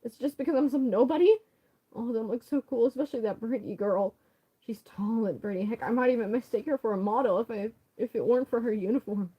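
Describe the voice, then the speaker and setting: A woman voicing a shy, anxious teenage boy, speaking in a quiet, hurt, self-doubting way. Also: a little high, fast, slightly rough, highs cut off.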